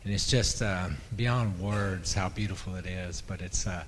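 A man sharing in a church group in an earnest, heartfelt way. His voice is very low. Faint background noise sits behind him. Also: steady tone, unhurried.

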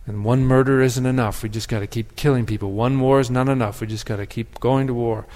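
A man giving a sermon as pastor, speaking in a reflective, measured way with pauses and restarts. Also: mid-range voice, steady tone, darkish tone. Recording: long hall reverb.

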